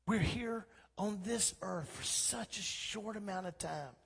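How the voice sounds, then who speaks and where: A man preaching a sermon as pastor, swinging from quiet talk to loud, impassioned exhortation. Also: high-pitched, unhurried, creaky, husky, long reverb tail. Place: church sanctuary.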